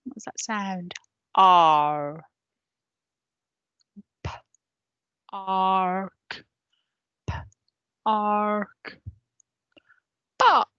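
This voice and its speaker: A woman's voice: mid-range voice, a bit bright, smooth, no echo, muffled recording. A woman teacher leading an online phonics lesson for parents, patiently sounding out letters and asking listeners to repeat after her. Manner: patient, sounds out letters slowly and prompts repetition.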